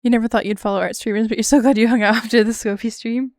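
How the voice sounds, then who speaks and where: A woman's voice: on the high side, steady tone, rapid-fire, darkish tone, dry recording, clean studio sound. A young woman art streamer chatting casually while she draws, thinking aloud with lots of fillers and little laughs.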